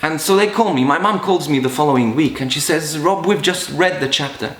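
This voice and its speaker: A man's voice: fairly high pitch, brisk. A middle-aged man and priest from Malta, giving an earnest, emotional personal testimony with frequent restarts. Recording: roomy echo.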